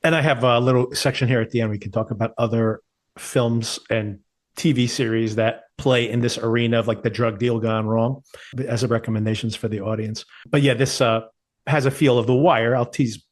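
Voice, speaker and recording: A man's voice: medium pitch, fairly even intonation, a little fast. A man co-hosting a podcast, chatting casually about a TV series and laughing at his own points. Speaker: podcast co-host. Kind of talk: casual TV review chat.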